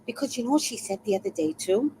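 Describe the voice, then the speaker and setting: A woman's voice: fairly high pitch, fast, slight background noise, low-quality recording. A woman in her sixties hosting a live stream, chatting casually and telling stories with laughter and the odd swear word. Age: 60s. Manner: animated, laughing storyteller who swears casually. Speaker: livestream host.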